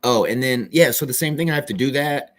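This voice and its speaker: A man's voice: mid-range voice, a little fast. Rambling young man, restless and trailing off. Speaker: person telling his own story. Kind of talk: casual monologue.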